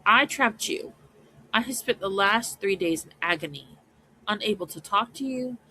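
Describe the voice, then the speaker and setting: A woman voicing a guilty, earnest young duke, reading his confessions aloud in a soft, measured way. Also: mid-range voice, slight background noise, poor audio.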